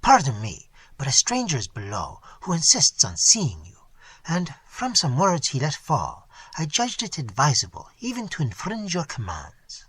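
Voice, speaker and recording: A man reading an audiobook and voicing an agitated male servant who speaks in a hushed, deferential, urgent way. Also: fairly high pitch, wildly swooping pitch, moderate pace, husky, dry recording, heavily acted. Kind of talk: audiobook character voice.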